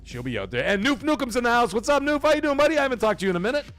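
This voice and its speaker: A man in his thirties hosting a live gaming stream, chatting and reading viewer super chats, breaking into loud excited shouts. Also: extremely high pitch, rapid-fire, faint music behind. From Canada. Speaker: host of a gaming livestream.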